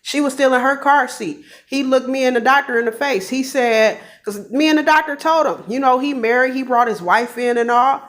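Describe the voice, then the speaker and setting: A woman's voice: high-pitched, normal speed, few pauses. A woman working as a nurse, giving blunt, profane and heated commentary on a crime case to her viewers. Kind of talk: ranting true-crime commentary.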